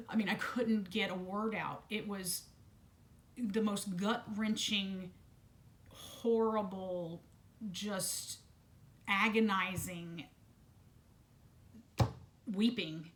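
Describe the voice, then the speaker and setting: A woman speaking unscripted to camera about a personal ordeal, halting with many restarts and repeated words and blunt swearing, while still detoxing from medication. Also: mid-range voice, fairly even intonation, slight background noise. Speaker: vlogger sharing a personal story.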